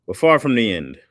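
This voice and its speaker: A man with a low, deep voice chats casually with his viewers as a comedian host. He jokes easily and stays laid-back. The sound is dry and close. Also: fairly bright tone, no echo. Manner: laid-back, joking, laughs between remarks.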